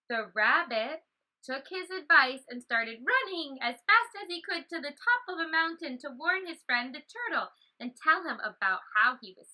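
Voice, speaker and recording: A woman teaching a children's yoga class, telling a story and giving gentle, encouraging instructions. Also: high voice, low-quality recording.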